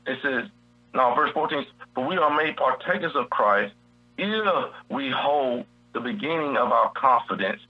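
A man's voice: mid-range voice, husky, highs cut off. A man teaching from the Bible in a preacherly style on a radio show, repeating his key phrases. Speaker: guest preacher.

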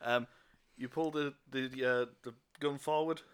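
A man's voice: medium pitch, fairly even intonation, unhurried, slight background noise. A man narrating a tabletop game as game master, loose and chuckling with many fillers.

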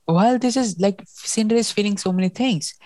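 A woman's voice: mid-range voice, a little fast, mellow, dry recording. A woman co-hosting a casual book discussion, talking emotionally and often restarting as she reacts to the story. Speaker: podcast co-host.

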